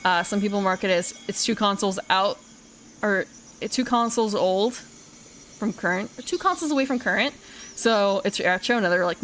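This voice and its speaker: A woman's voice: mid-range voice, moderate pace, fairly bright tone, rough recording. A young woman streamer chats over her game in a mid-range voice, rambling and self-correcting as she goes. She talks loosely and informally, swearing now and then, with a faint bed of background noise under the mic. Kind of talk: casual game commentary.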